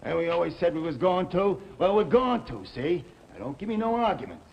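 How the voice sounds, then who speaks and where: A rough, defensive New bartender who grumbles in slang. His voice swings widely while he mimics other people's voices. Faint background hiss runs beneath it. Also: fairly low pitch, big pitch swings, normal speed, muffled recording. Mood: agitated. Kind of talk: 1960 television drama acting.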